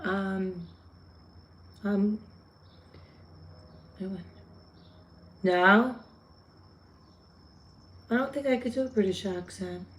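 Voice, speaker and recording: A woman's voice: medium pitch, steady tone, very slow, long pauses, slight background noise. A woman with a New York accent hosting a casual livestream, chatting with viewers and answering their comments. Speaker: livestream host.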